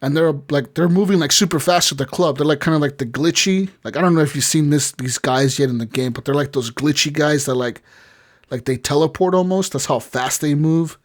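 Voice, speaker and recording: A man's voice: a little high, a little fast. A man co-hosting a podcast, retelling a game story in a rambling, profane way. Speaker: podcast co-host. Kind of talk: casual podcast chat.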